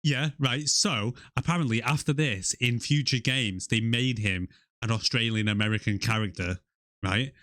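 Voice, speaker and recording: A British man co-hosting a movie podcast, loose and jokey, laughing easily as he chats. His voice sits in a middle pitch, recorded dry and close with no room sound. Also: moderate pace, a bit bright, no room sound. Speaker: podcast co-host. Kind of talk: casual movie review chat.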